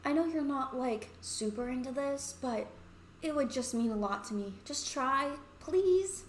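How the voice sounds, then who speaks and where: A woman's voice: sits high, expressive, unhurried, slight background noise, pitched above the performer's own voice. A woman voicing a cheerful, pushy schoolgirl who begs her friend to go along. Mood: coaxing. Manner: pleading, upbeat, pushy. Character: bossy cheerful schoolgirl eager to impress. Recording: roomy echoey room.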